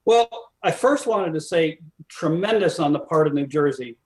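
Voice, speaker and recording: A man's voice: fairly high pitch, lively intonation, moderate pace, darkish tone. A man guesting on a live stream, chatting casually and agreeing emphatically. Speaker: guest, former foster parent association president.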